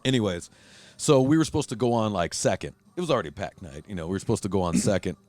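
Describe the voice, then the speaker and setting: A man's voice: fairly low pitch, very fast, no room sound. A man hosting a casual podcast, telling a rowdy story with lots of swearing and acted-out quotes. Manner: profane, animated storyteller acting out quotes. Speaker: podcast host.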